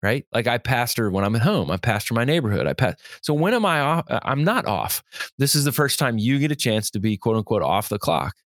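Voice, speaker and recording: Lively pastor chatting on a podcast. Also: male voice, mid-range voice, a little fast, dry recording, clean studio sound. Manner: animated storytelling, laughs easily, reads quotes aloud. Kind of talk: casual podcast conversation.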